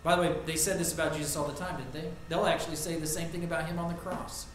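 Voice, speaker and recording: A man preaching a sermon as pastor, earnest, rising to loud emphasis and dropping to quiet reflection. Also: on the high side, little pitch movement, fast talker. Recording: echoey room with faint ambient noise.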